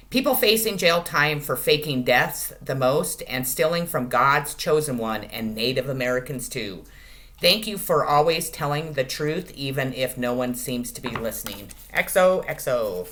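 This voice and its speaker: A woman giving a casual tarot reading to her channel, crude and profane, jumping between loud cries and quiet asides. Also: a bass voice, expressive, normal speed, slight background noise. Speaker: tarot reader.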